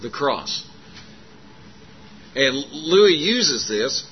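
A man preaching a sermon, telling a story in a folksy, animated way and acting out the dialogue, with many fillers. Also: medium pitch, drawn-out words. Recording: muffled lo-fi sermon recording with faint noise.

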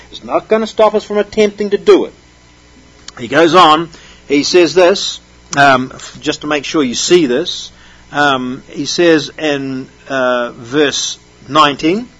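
A man's voice: high voice, rough recording. A man preaching a sermon, reading scripture aloud and explaining it with emphatic stresses.

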